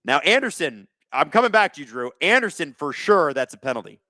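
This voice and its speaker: Male live-stream host, lively bright voice, chatty play-by-play, close dry mic. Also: fairly high pitch, brisk, dry recording. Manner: chatty, thanks viewers, calls plays. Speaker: live watch-along host. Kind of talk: casual live-stream hockey commentary.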